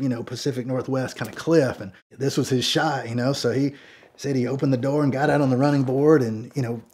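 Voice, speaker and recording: A man's voice: medium pitch, dark tone, slightly rough. A man telling a long story in a casual, rambling way, often saying "you know".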